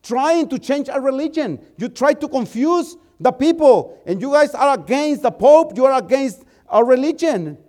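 A man doing a shrill scolding woman. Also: animated, brisk, few pauses, a little mellow. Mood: angry. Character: angry older woman refusing a visitor.

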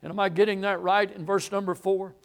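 A high-pitched man preaching a sermon and working through a Bible passage. He repeats phrases for emphasis. He builds up to loud, ringing declarations. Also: little pitch movement, a little fast, gravelly. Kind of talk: sermon, expository Bible teaching.

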